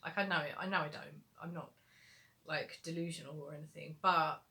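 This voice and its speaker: A young woman with a fairly low yet bright, forward voice answers viewer questions in a relaxed live Q&A. She talks in a loose, chatty way, with frequent fillers. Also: a little fast. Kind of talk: casual livestream Q&A.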